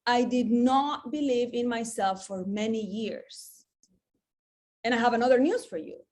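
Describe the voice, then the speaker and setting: A woman's voice: fairly high pitch, unhurried, darkish tone. A woman in her forties, a sales manager, telling her own story in an earnest, emotional motivational talk, saying "like" a lot. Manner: emotional, earnest, says "like" often.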